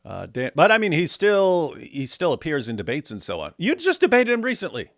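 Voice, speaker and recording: A man's voice: a little high, wildly swooping pitch, fairly quick, dry recording, studio quality. Joking man chatting on a livestream. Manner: jokey, laughs often, many restarts. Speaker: livestream co-host. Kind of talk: casual chat reacting to viewer comments.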